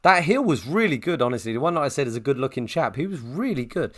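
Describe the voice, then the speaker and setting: Animated man telling a story. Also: mid-range voice, fast talker. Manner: animated storyteller acting out quotes. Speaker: podcast co-host. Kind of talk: casual chat, storytelling.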